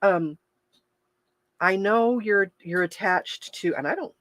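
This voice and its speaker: Slow and medium-pitched, her voice has a fairly bright tone and no echo. A health coach hosting a livestream, she talks candidly and chattily with her viewers, restarting sentences often and laughing through tears as emotions show.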